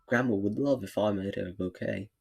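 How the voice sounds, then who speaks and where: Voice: low-pitched, a little fast, creaky, background noise. A gamer voicing a polite young girl, Little Red Riding Hood, in a mock English accent.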